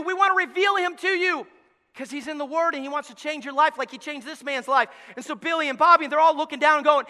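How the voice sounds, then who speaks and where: High-voiced pastor in a reverberant hall. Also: male voice, fast. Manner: animated storytelling with acted-out voices; swings from quiet asides to loud shouts. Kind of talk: sermon.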